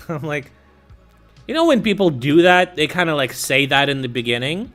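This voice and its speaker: A young man chatting casually, telling a story in a rambling, animated way with lots of fillers and swearing. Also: on the high side, normal speed, faint music behind. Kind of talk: casual chat.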